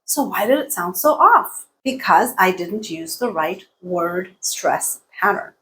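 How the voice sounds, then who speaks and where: A woman presenting an English language lesson to learners, speaking clearly and deliberately and leaning on key words. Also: lowish voice, expressive, a bit bright. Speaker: English teacher.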